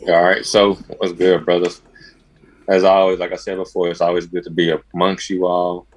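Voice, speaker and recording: Deep, flat-voiced man signing off calmly. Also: moderate pace. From Mississippi. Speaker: therapist and podcast co-host. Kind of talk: casual sign-off.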